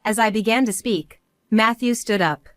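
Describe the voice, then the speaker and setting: A middle-aged woman reading a first-person story in a calm, measured, resolute way. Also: on the high side, no room sound, studio quality. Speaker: narrator.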